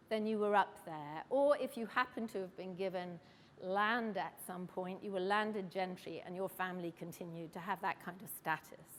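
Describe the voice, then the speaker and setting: A middle-aged woman with an English accent shares a personal story on stage. She speaks in a reflective, wry, measured way. Her voice carries a long hall reverb. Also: lowish voice, a little hiss or hum. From England. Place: stage event.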